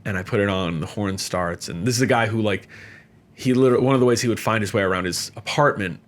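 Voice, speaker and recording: Chatty middle-aged man telling stories. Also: quick pace. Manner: animated, jumps up in pitch when quoting others; chatty with many fillers. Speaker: podcast guest. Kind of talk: casual storytelling.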